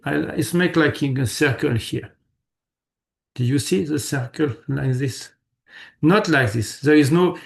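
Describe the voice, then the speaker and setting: Male meditation teacher, gravelly and slightly high voice, patient coaching with lots of repetition. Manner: patient, repeats words, checks students often. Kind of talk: live online class instruction.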